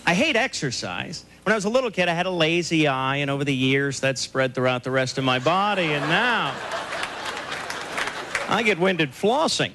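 A man performing a stand-up comedy set on a club stage, firing off deadpan one-liners with sudden loud outbursts. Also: a little high, normal speed. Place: comedy club stage before a laughing audience. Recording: live club recording, loud crowd and noise.

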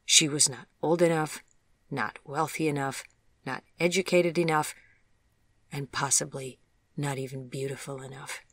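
A gentle, measured audiobook narrator reads a storybook tale at a middle pitch, keeping the delivery even and unhurried. The recording is close and dry, with no room sound.

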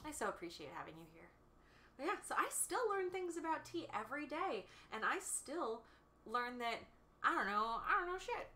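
A chatty woman in her thirties hosts a relaxed livestream from her home kitchen. Her voice is bright and clear, and she laughs easily while chatting with viewers. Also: high-pitched, normal speed. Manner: bubbly, chatty, laughs often, reads viewer comments aloud. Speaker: livestream host and tea shop owner. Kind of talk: casual livestream chat with viewers.

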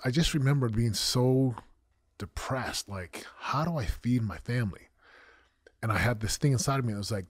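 Husky-voiced man telling his story. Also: lowish voice, dry recording. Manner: emotional, animated storytelling with acted-out quotes. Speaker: guest, former football champion and coach. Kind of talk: candid storytelling interview.

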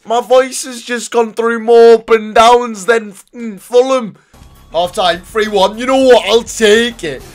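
Young male gaming creator, high-pitched, loud and sweary, faint music behind. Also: measured pace. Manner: excitable, swears, sudden shouts and mutters. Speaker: gaming YouTuber. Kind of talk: live gameplay commentary.

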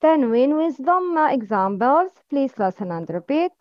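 A woman with a high voice teaches reading, speaking very slowly and carefully, pausing for her listeners to repeat. The recording is close and dry, with a slightly muffled, lo-fi tone. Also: very animated, no echo. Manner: slow, careful drilling with repeat-after-me prompts. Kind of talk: slow recorded lesson. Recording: dull, lo-fi sound.

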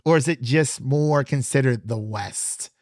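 A podcast co-host with a medium-pitched, slightly mellow voice talks at a measured pace, rambling casually through a review and laughing often. The recording is clean studio sound with no room audible.

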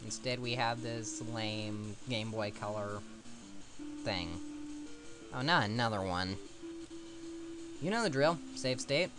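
A man's voice: fairly low pitch, slow, pauses often, over music. A man giving casual let's-play commentary, rambling and mocking himself as he plays. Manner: rambling, self-mocking asides.

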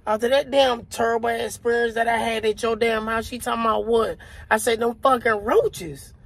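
A man telling a comic story in an animated, profane way, with sound effects and asides. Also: very high voice, brisk, vocal fry. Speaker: comedian.

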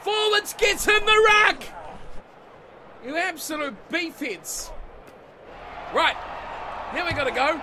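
A man giving excitable let's-play commentary on a rugby video game, swearing and yelling at his own team. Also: very high-pitched, takes it slowly, long pauses, a crowd in the background, background noise. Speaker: gaming channel host. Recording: game music playing behind the voice.

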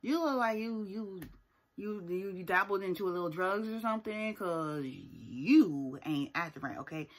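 At a normal speed and mid-range pitch, a woman reviews a reality TV episode in a casual, sassy recap. Her emphatic asides drive each point home, and she keeps tagging them with "okay?"

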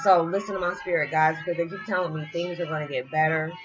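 Rambling woman vlogger over loud music. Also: low-pitched, steady tone, fast talker. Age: 40s. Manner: rambling, heartfelt, many fillers. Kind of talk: casual spiritual vlog monologue. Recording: dull lo-fi with loud music behind.

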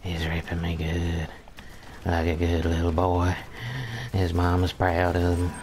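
A man narrates his own gameplay in a slow, unhurried drawl, sitting a little low in his range. He grumbles in disbelief, repeats himself, chuckles and swears mildly in a folksy way. A faint hiss of noise sits under his voice. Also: completely flat delivery, darkish tone. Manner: folksy mild oaths, chuckles often. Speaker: gameplay commentator. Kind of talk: casual gameplay commentary.

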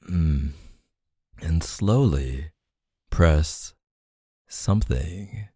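A man in a whispered role-play as a teasing, playful, dominant boyfriend, speaking softly into a close mic. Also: very deep voice, dry recording.

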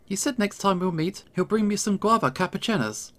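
A man's voice: high-pitched, expressive, brisk, a bit bright, voice pushed up. A man doing a dopey, childish young woman. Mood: chatty.

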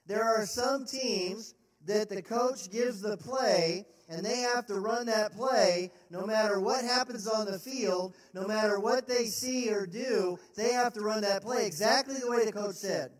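A man's voice: sits high, measured pace, few pauses. A man preaching a sermon as pastor, earnest and emphatic, posing rhetorical questions in a church sanctuary. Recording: roomy sound from a distant mic.

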